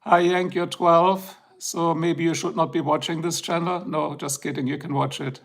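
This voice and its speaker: Gravelly joking livestreamer man. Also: fairly high pitch, little pitch movement, normal speed, hardly any pauses, a bit bright. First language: German. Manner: joking, chatty, addresses viewers. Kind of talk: casual live stream chat.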